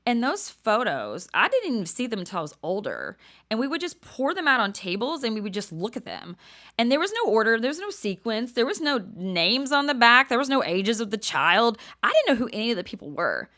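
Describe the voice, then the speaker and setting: An older woman with a twang tells stories on her podcast in a chatty, animated way. Her voice is bright and swings widely in pitch. She laughs often and drops to a near whisper to stress a point. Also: a little fast. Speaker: podcast host. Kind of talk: casual storytelling monologue.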